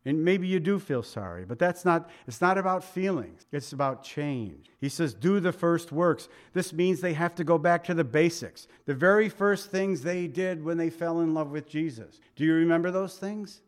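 A man's voice: fairly high pitch, lively intonation, moderate pace, hardly any pauses. A middle-aged male pastor preaching a conversational sermon, often putting questions to his listeners. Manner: conversational, asks the congregation questions.

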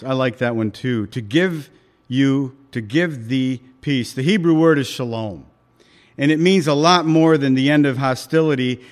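A male pastor preaching a sermon at an evening church service, emphatic and repeating key phrases, with occasional chuckles. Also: fairly high pitch.

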